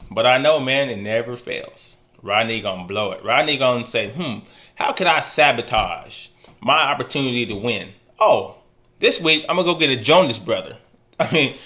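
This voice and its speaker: A man's voice: mid-range voice, bright, forceful tone. A man in a casual trash-talk video, laid-back and teasing, tacking "man" onto almost every phrase. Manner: teasing, playful ribbing. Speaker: fantasy football league member.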